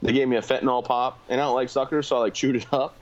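A man's voice: mid-range voice, fairly even intonation, muffled recording. A man, a combat veteran guest, telling his story candidly in a plain-spoken way. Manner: fast, plain-spoken, filler-heavy.

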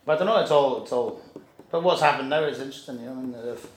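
A man's voice: medium pitch, quick pace, a little hiss or hum. A man telling a rambling anecdote in casual chat, swearing and acting out the people in it. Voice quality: gravelly. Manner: rambling, restarts, swears, acts out voices in anecdotes. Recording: echoey room.

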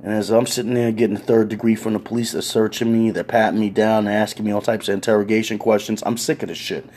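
A man's voice: fairly low pitch, level tone, quick pace, a little mellow. A man telling a story from his own life in a casual, conversational way, wry and full of swearing.

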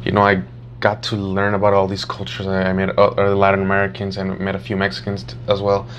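A young man in casual chat, rambling and animated, swearing freely and acting out his friends' lines. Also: sits low, quick pace, slight background noise. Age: young adult.

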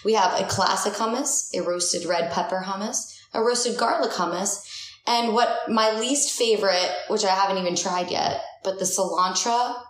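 A woman's voice: medium pitch, normal speed, echoey room, rough recording. A young woman co-hosting a casual podcast at home, chatty and teasing. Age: young adult. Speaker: podcast co-host. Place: living room couch at home.

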